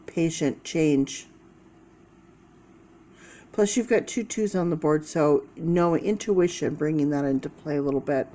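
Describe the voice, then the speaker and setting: This tarot reader has a deep, mellow voice. Speaking casually to the camera, she works through the cards by thinking out loud and circling back to key words.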